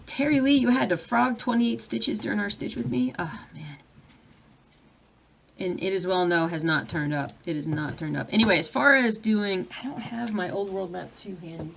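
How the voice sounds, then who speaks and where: A friendly woman in a relaxed live-stream chat, talking at a medium pitch and chatting to her viewers one comment at a time. A light hiss sits under her voice, and now and then she turns aside to fuss at her pets at home. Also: moderate pace, creaky. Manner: chatty, reads viewer comments aloud, distracted by her dogs. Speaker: cross-stitch vlogger.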